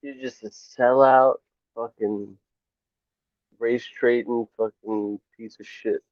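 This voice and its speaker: A man's voice: medium pitch, fairly even intonation, slow, a little mellow, no echo. A man arguing defiantly in a voice chat, brushing off insults. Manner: defiant, dismissive. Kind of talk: heated voice chat argument. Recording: tinny phone-like voice chat.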